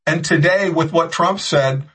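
A man with a husky, slightly high voice delivers heated political commentary. He rambles, often restarts his sentences, and throws in sarcastic jabs. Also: measured pace, fairly bright tone, poor audio.

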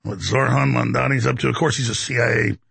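A man hosting a talk show, ranting in a rambling, animated, indignant monologue. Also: medium pitch, fast talker, creaky, breathy edge, no room sound.

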